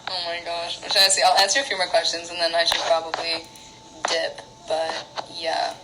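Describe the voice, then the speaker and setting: A woman's voice: on the low side, completely flat delivery, normal speed, heavy background noise. A young woman from Canada chatting casually on a phone livestream at home, rambling through childhood stories with lots of giggles and fillers. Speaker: singer on an Instagram live.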